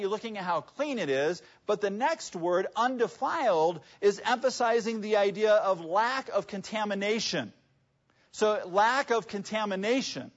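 A man preaching a sermon in a conversational way, often asking the audience rhetorical questions, in a dull lo-fi recording. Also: high voice. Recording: dull lo-fi sound.

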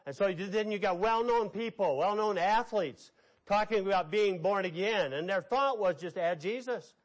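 A man's voice: sits high, moderate pace, rough recording. A man preaching a sermon, emphatic, repeating key phrases with rising and falling force.

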